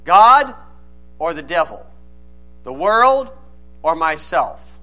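A man's voice: a little high, big pitch swings, slow, bright, forceful tone. A man preaching a sermon, reading old-style scripture and then explaining it plainly and with emphasis.

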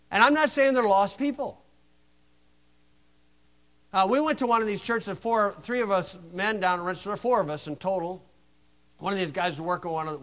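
A man preaching an informal sermon, telling anecdotes in a sarcastic, animated way. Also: sits high.

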